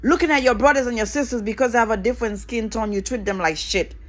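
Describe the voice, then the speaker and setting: A middle-aged woman speaking in a fairly high voice, ranting straight to camera. She is fired up and emphatic, hammering her points with repetition and blunt swearing. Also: quick pace. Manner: angry, emphatic, repeats phrases, swears. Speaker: vlogger. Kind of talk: impassioned political rant to camera.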